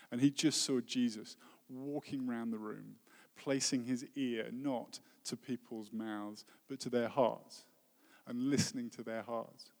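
Man, earnest preacher, soft falling phrases, long hall reverb, mid pitch. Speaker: worship leader. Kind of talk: sermon. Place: church hall.

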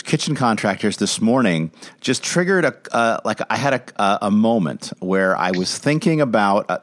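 A man's voice: fairly low pitch, a bit bright, no echo. A man co-hosting a podcast from a hotel room, chatting casually with lots of fillers and restarts. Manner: rambling, with many fillers and restarts. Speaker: podcast co-host. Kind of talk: casual chat. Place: hotel room with a fan humming.

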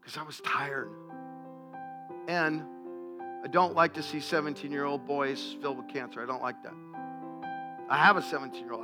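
A man in his forties, a pastor, telling stories in a sermon in an animated, self-deprecating way. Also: fairly high pitch. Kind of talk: sermon storytelling.

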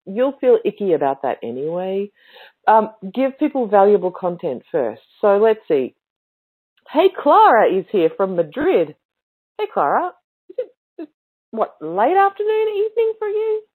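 Woman host, casual coaching talk, emphatic and expressive, narrow phone-like sound. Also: mid-range voice. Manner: emphatic, animated, with expressive inflections. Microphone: livestream mic.

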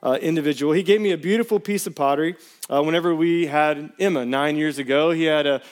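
A man in his thirties preaching a sermon to his church, telling personal stories in a casual, animated way. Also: on the high side, fast. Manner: storytelling, animated, casual slang. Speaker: pastor.

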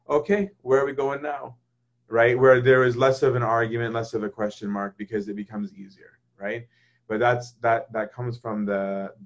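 A man's voice: medium pitch, muffled recording. Chatty man teaching on faith. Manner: conversational, keeps checking in with "right?"; acts out quoted thoughts in lively voices. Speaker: speaker leading a faith discussion. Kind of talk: casual spoken teaching.

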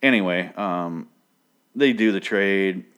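A man's voice: low voice, takes it slowly, fairly bright tone, smooth. A man casually recapping a story, rambling with crude jokes and sarcastic asides. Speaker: comic book recap host.

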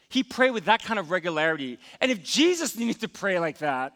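A man's voice: high voice, very animated, brisk, hardly any pauses, sharp tone, in a large hall. A man preaching a sermon as pastor, telling a personal story and acting out his own thoughts.

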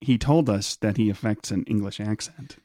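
A man's voice: lowish voice, moderate pace, mellow, no room sound, studio quality. A man hosting a podcast, joking around and asking rambling questions. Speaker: podcast host. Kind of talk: casual podcast chat.

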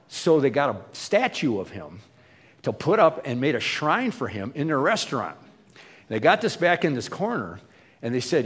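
A man's voice: mid-range voice, very animated, normal speed, breathy edge, long reverb tail. A man preaching a sermon, telling stories in a chatty way with fillers and restarts. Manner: conversational storytelling with fillers and restarts. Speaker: pastor.

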